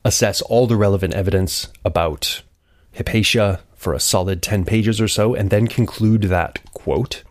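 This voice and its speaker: Deep-voiced man giving a dry podcast lecture. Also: moderate pace, no room sound. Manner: wry, conversational asides. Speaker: podcast host. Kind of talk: scripted lecture narration.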